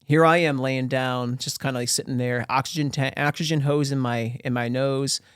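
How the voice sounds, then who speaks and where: A man's voice: mid-range voice, steady tone, normal speed, clear, resonant tone, dry recording. A man from a small town in Pennsylvania, a podcast guest telling his story in a candid, self-deprecating, joking way. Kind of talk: casual storytelling interview.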